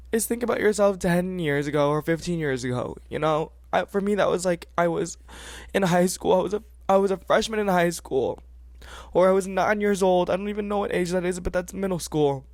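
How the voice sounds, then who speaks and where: A young man hosting a podcast, giving earnest, animated advice in casual talk and repeating phrases for emphasis. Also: high-pitched, brisk, no echo, clean studio sound. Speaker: podcast host.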